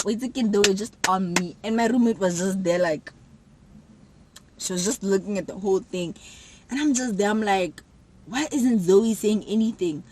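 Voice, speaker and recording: A young woman tells a story to camera in a loose, chatty way. Her pitch sits in the middle range. She acts out quotes with sudden loud jumps. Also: moderate pace, a little hiss or hum, low-quality recording. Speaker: vlogger. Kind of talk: casual storytelling.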